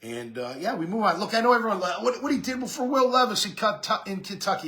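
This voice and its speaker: A man's voice: high voice, sing-song, brisk, few pauses, bright, forceful tone. A man hosting a sports talk show, giving a casual, rambling monologue full of fillers and restarts. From Jacksonville area.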